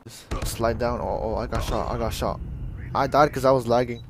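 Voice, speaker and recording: A man's voice: medium pitch, normal speed, a little hiss or hum. A young adult man giving casual, joking, profane commentary while playing a shooter game. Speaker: gamer.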